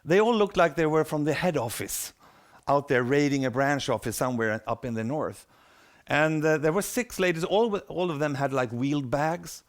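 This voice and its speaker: A man's voice: fairly high pitch, moderate pace. A middle-aged man, telling a story in a talk and acting out the voices of people in it. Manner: animated, acts out quoted voices. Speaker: speaker.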